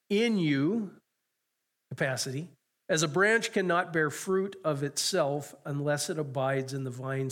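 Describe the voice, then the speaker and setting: A man preaching a sermon in an earnest way, repeating phrases and slowing down on key words. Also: on the high side, fairly bright tone. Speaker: pastor.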